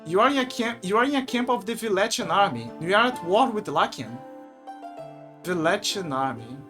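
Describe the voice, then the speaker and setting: Measured game soldier, voiced by a streamer, slow steady read, faint music under. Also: mid-range voice, natural voice. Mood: calm.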